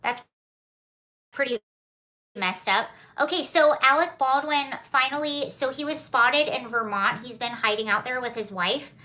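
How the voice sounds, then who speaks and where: Bright, high-voiced chatty woman. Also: fairly even intonation, moderate pace, few pauses. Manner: chatty, reads viewer comments aloud and answers them. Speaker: livestream host. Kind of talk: casual livestream chat.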